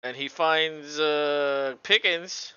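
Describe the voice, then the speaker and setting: A man with a very bright, smooth voice calls the game play by play in a loose, joking way. He laughs a lot and curses freely. The audio is dull and lo-fi, like a home stream. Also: a little high, very slow, no echo. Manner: relaxed, laughs often, swears freely. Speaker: co-host doing play-by-play. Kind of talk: casual play-by-play commentary.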